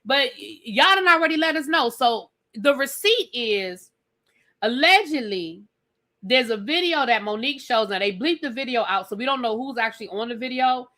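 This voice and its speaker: A woman's voice: on the high side, expressive, moderate pace, bright, forceful tone. A woman hosting a live reality TV review stream, chatty and sassy, talking straight to her viewers. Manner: chatty, sassy, addresses viewers as girl and y'all.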